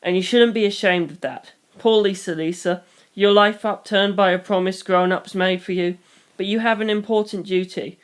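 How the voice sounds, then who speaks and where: A reader voicing a loving, wise foster mother who speaks in a soft, steady, reassuring way, in a fan reading of a novel. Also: mid-range voice, normal speed, clean tone, close to an everyday voice. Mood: comforting. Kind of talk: audiobook reading.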